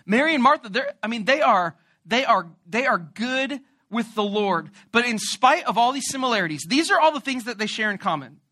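A male preacher giving a sermon with a bright, sharp voice. He tells stories in an animated way and jokes with his listeners. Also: very high voice, brisk. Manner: animated, joking storyteller.

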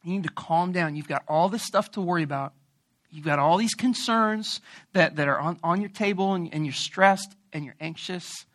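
A male preacher giving a sermon with a bright, sharp voice. He tells stories in an animated way and jokes with his listeners. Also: high-pitched, normal speed. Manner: animated, joking storyteller.

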